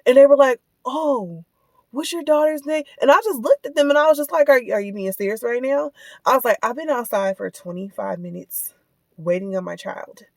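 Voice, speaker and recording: A woman's voice: a little high, expressive, fairly quick, a little mellow, no room sound. A woman telling a personal story in a casual, heated rant, indignant and repeating herself as she retells it. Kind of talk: casual ranting vlog.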